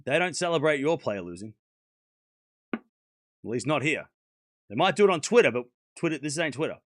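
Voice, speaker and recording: Male stream host, sore throat, blunt and animated, casual chat, dry close sound. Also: fairly high pitch, moderate pace, no echo. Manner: blunt and animated, scolding chatters, swearing. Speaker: tennis livestream host. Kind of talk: casual livestream chat to viewers' comments.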